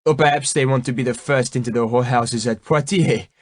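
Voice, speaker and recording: A man's voice: mid-range voice, brisk, no room sound, close to an everyday voice. A wry knight captain answers his lord with dry jokes, as a male narrator puts him on. It is read as an audiobook. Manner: wry, joking. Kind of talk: audiobook reading.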